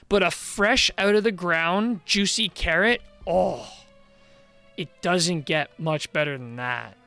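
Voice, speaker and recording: A rambling, easy-laughing man chatting through a live-streamed game in a somewhat high voice. His voice sounds tired and worn from long streams. Faint game music sits in the background. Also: pushed and bright, no echo. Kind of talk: casual live-stream commentary while gaming.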